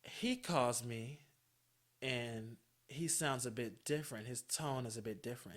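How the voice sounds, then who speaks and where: A man hosting a podcast, telling a personal story in a casual, animated way, swearing freely and laughing often. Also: medium pitch, a little slow. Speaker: podcast host.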